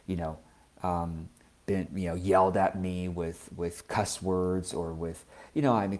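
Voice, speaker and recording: Deep, mellow-voiced reflective man. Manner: gentle, thoughtful, often checks in with "right?". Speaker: spiritual teacher. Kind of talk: reflective personal talk.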